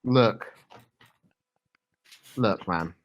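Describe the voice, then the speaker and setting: A man's voice: fairly low pitch, very slow, dull audio. A man bantering and teasing on a group voice call, often calling people mate. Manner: teasing, keeps saying mate.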